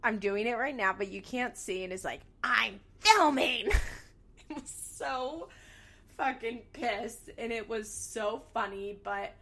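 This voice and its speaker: A young woman with a slightly high voice gives a casual gossip recap of a reality show. She is candid and sarcastic and swears freely, in an easy talking tone. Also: measured pace, fairly bright tone.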